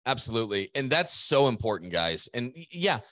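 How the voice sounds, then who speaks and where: A middle-aged man coaching gym owners on a podcast, pushing his points hard with a motivational drive and the odd casual curse. His voice sits at an ordinary middle pitch. The recording is close and dry, with no room sound. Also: very animated, a little fast, pushed and bright, dry recording. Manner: emphatic, motivational, swears casually. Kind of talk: casual business podcast talk.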